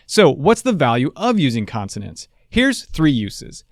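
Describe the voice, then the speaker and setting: A man's voice: medium pitch, huge pitch swings, a little slow, no echo, studio quality. A man hosting a scripted public speaking lesson in a playful, jokey manner. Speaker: host and public speaking teacher.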